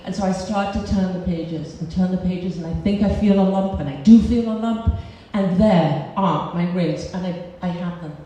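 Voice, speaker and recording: A woman telling a comic, animated personal story live on stage before an audience. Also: lowish voice, normal speed, hardly any pauses. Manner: animated, comic, laughing at her own story. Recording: roomy hall from a distance.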